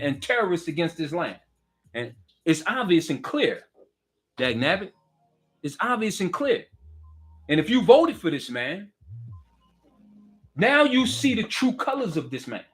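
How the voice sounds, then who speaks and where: This political commentator is a middle-aged man whose high-pitched voice has a somewhat bright quality. In a fiery rant, he repeats himself and throws pointed questions straight at the listener.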